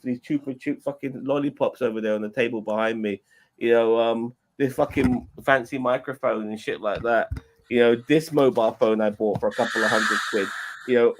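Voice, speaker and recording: A man's voice: mid-range voice, a little hiss or hum. A man streaming in casual chat, rambling, repeating himself and swearing a lot.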